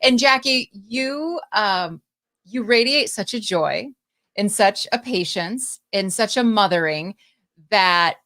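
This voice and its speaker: Woman, podcast host, live-stream interview, effusive, encouraging, mid pitch. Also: expressive, slow pace, fairly bright tone. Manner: effusive and encouraging, gushing praise.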